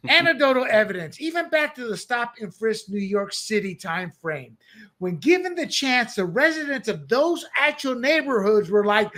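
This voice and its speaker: A man co-hosting a political talk show, opinionated and animated, breaking into loud mocking quotes. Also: high-pitched. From born abroad, country once under dictators. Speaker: podcast co-host.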